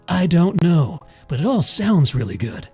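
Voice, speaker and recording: A man's voice: on the high side, big pitch swings, unhurried, mellow, breathy edge, faint music behind. A man hosting a livestream, reading an article aloud and mocking it with sarcastic asides. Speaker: streamer host.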